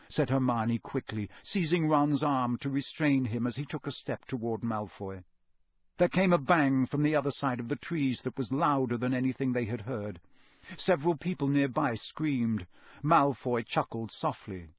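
A man reading a novel aloud with steady, expressive storytelling. His voice is mid-pitched and the recording is dry and close, with no room sound. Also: normal speed, dry recording. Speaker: audiobook narrator. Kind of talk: scripted narration.

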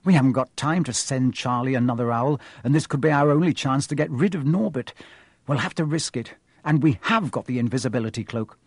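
A man's voice: mid-range voice, a little fast, husky, dry recording. A level-headed schoolboy lays out a plan firmly, as a male storybook reader speaks for him. The tone stays near the reader's own, close and dry. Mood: determined.

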